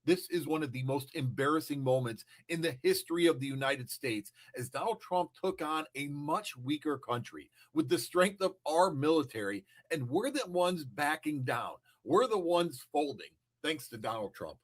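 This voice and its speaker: A man's voice: on the high side, expressive, normal speed, few pauses. A man delivering an indignant political opinion monologue, speaking emphatically. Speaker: political commentator.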